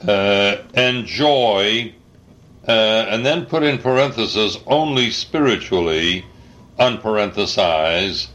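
Slow older man dictating, spelling words. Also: fairly low pitch, a bit bright. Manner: halting, spells out words, many uhs. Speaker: dictating a written article. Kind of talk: slow dictation with spoken punctuation.

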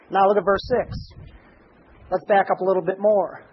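A man preaching a sermon as pastor, reading scripture and swelling to shouts on key phrases, with folksy asides. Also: sits high, flat delivery, brisk, muffled recording, slight background noise.

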